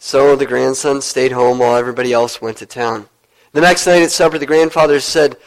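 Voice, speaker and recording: A man preaching a sermon as pastor, telling a story earnestly and dropping low to stress his points. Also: fairly even intonation, fairly quick, poor audio.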